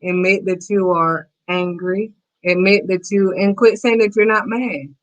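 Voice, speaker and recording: A woman's voice: medium pitch, steady tone, unhurried, low-quality recording. A woman hosting a faith-based talk show, giving blunt, emphatic, preachy advice. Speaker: host.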